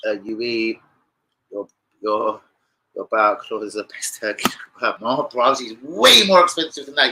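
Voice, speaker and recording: A man's voice: mid-range voice, lively intonation, moderate pace, sharp tone, slight background noise, rough recording. A young man, hosting a casual live-stream chat, rambling through stories full of slang and swearing. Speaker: football fan channel host.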